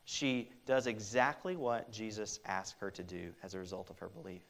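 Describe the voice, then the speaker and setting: A man's voice: lowish voice, steady tone, normal speed, creaky, a bit bright. A man preaching a sermon, speaking earnestly and directly to his listeners, often restarting his sentences. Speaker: pastor.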